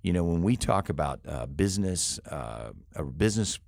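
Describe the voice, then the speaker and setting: A man's voice: low-pitched, sing-song, normal speed, vocal fry, a little mellow, dry recording, studio quality. A middle-aged man who leads a rescue mission, telling stories earnestly in an interview with frequent restarts. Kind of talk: interview conversation.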